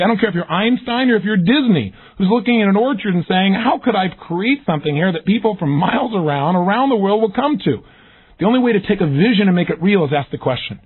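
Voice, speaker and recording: A man's voice: a little high, husky. A man giving an emphatic motivational seminar talk, acting out the questions he quotes. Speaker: motivational speaker. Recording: tinny lo-fi audio recording.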